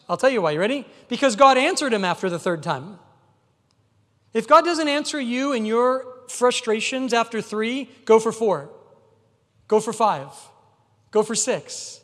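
Male pastor, high voice, emphatic conversational sermon, long hall reverb. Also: a bit bright.

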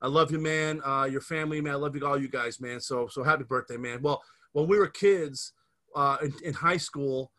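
A man's voice: mid-range voice, moderate pace, a bit bright. A man in his fifties from the Scranton area of Pennsylvania, hosting a casual podcast and telling a rambling story full of restarts. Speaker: podcast host.

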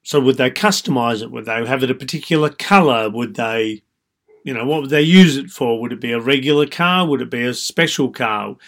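A man speaks as a dating coach giving advice straight to the listener. His voice sits at a middle pitch, and his manner is calm and explanatory. He leans on "so" and "you know" as he walks through each point. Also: fairly quick. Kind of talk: advice monologue.

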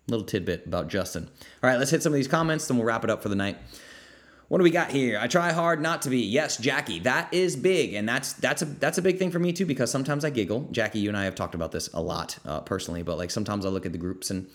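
Energetic man hosting from his kitchen. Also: mid-range voice, quick pace. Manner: energetic, animated, swears freely, reads comments aloud. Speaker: podcast host. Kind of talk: casual Q&A podcast. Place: home kitchen.

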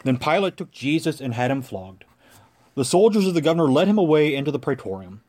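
A man reading scripture aloud as lector, in a measured, clear narrating voice. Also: fairly high pitch, sing-song, darkish tone.

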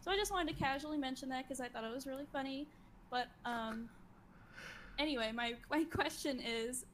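A young woman calls in to a live show, her voice fairly high. She talks in an upbeat, rambling way. Faint noise sits under the line. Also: fairly bright tone. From Texas. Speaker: caller. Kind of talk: call-in question.

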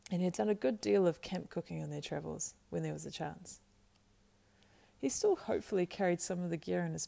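A woman narrating a storybook aloud in a steady, measured reading with small slips. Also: fairly low pitch, vocal fry. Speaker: audiobook narrator.

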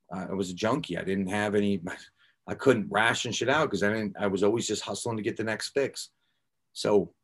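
A man guest on a podcast, telling his own recovery story candidly, blunt and raw with casual swearing and filler words. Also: fairly low pitch.

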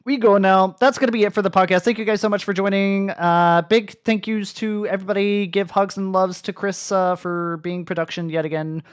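A woman's voice: medium pitch, fairly even intonation, moderate pace, few pauses, clean tone. A woman hosting a podcast in casual chat, teasing her co-hosts and rambling through the sign-off. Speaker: podcast host.

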